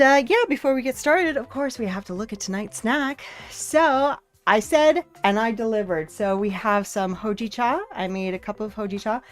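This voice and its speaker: A woman's voice: medium pitch, smooth. A woman streaming from home in casual chat, thinking aloud as she sets things up. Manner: chatty, thinks aloud while setting things up. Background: faint lo-fi music.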